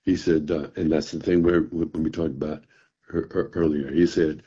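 An older man, a blues musician, telling a story to an interviewer in a halting, casual way with fillers and repeated words. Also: a bass voice, level tone, mellow, husky. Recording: dull, muffled recording.

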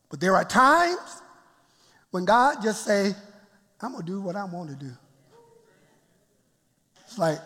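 A man's voice: high voice, a bit bright, breathy edge, in a large hall. A man preaching a sermon as pastor in a church, laughing often and calling out to the congregation.

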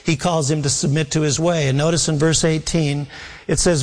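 Preacher, male, fairly high voice, earnest sermon delivery, long church reverb. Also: steady tone, moderate pace. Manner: earnest preaching, voicing Jesus in quotes. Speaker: pastor.

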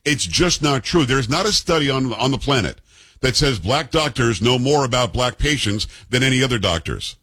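A man's voice: mid-range voice, lively intonation, a bit bright, husky, no echo. Combative sarcastic man in his fifties. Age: 50s. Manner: combative, sarcastic, rapid-fire rhetorical questions. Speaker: commentary show host. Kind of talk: political commentary.

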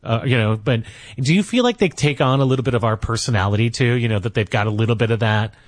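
A man's voice: mid-range voice, fast, no room sound, clean studio sound. A man hosting a late-night call-in radio show, asking eager follow-up questions in a casual way. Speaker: radio talk show host.

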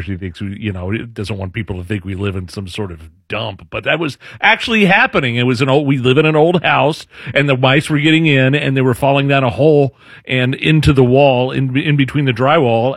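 A man's voice: medium pitch, no room sound, studio quality. A middle-aged man hosting a talk radio show, bluntly chatting and reacting to stories. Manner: blunt, exclaiming. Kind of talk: casual talk radio banter.

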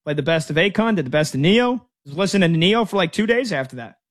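A man in his thirties hosts a sports talk radio show, chatting casually and rambling through stories with many restarts. His voice is fairly high-pitched and expressive, and he talks at a quick pace.

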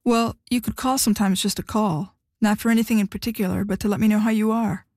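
A woman's voice: medium pitch, steady tone, quick pace, darkish tone, dry recording, clean studio sound, close to an everyday voice. A woman doing a whiny, pouting husband. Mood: pleading. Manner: whiny, pleading. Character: pouting, needy young husband, self-pitying.

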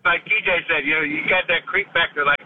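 A man's voice: fairly high pitch, fairly even intonation, fast talker, a little hiss or hum. A man calling in to a radio show over the phone, laughing and joking. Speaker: caller. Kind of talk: phone-in call. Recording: tinny phone line.

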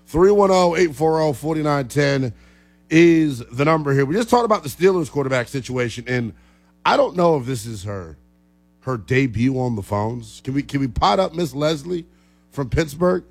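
A man's voice: medium pitch, lively intonation, moderate pace, creaky, slightly rough. Chatty young male sports radio host. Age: young adult. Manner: joking, chatty, teasing callers. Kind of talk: casual sports talk radio.

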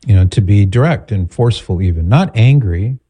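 Low mellow guy hosting call-in advice, patient and measured. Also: animated, slightly rough. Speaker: radio advice host.

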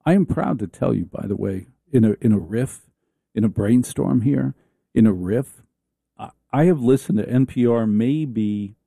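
A man's voice: mid-range voice, gravelly, dark tone, no room sound, clean studio sound. A man hosting a talk radio show, riffing in a sarcastic, theatrical comic monologue.

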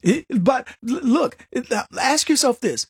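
A man's voice: extremely high pitch, animated, unhurried, breathy edge, no room sound, clean studio sound. A man hosting a political talk show, delivering an opinionated, mocking comedic monologue. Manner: mocking, mimics opponents in exaggerated voices, laughs at own jokes. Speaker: political commentary host.

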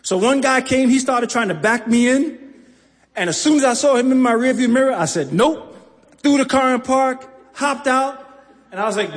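A man's voice: very high voice, normal speed. A man telling a personal story live on stage, acting out voices and laughing often. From New York. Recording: long hall reverb, faint crowd ambience.

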